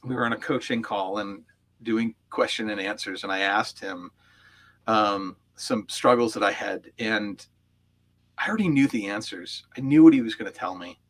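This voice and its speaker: A man's voice: on the low side, moderate pace, fairly bright tone. A man, a coach, recounting personal memories as an interview guest, heartfelt and reflective, with frequent fillers. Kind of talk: storytelling in an interview.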